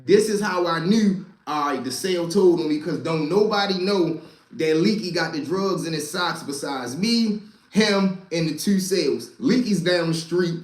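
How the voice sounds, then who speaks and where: A man telling street stories to a live chat, animated and profane, talking straight to his listeners as y'all. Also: a little high, normal speed, roomy sound. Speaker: storyteller and stream host.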